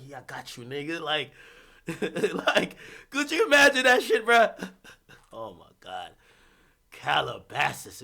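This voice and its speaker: A man hosting a livestream, ranting about hip-hop in a casual, profane, animated way with bursts of laughter. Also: high-pitched, creaky.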